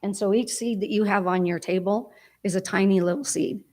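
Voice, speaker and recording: A woman's voice: mid-range voice, fairly quick, darkish tone. A woman giving a heartfelt, rambling eulogy for her father at a church memorial service.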